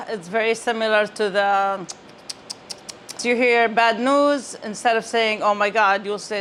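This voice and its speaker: A middle-aged woman co-hosting a casual chat, playful and animated, acting out exclamations as she explains them. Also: mid-range voice, moderate pace, a little hiss or hum. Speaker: co-host.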